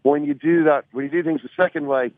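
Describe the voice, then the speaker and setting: A man's voice: on the high side, fairly even intonation, fast talker, dry recording. Wry Irish man on a tinny phone line. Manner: wry, self-mocking storyteller. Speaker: podcast regular calling in from an airport. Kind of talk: casual phone-in storytelling. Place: airport.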